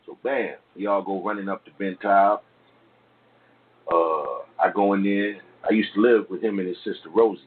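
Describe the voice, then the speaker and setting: A middle-aged man appears as an interview guest, speaking in a low, steady voice at normal speed. He tells stories casually in loose street slang, often tagging on "man" and "you know what I'm saying." The recording sounds tinny, like a phone, with faint noise.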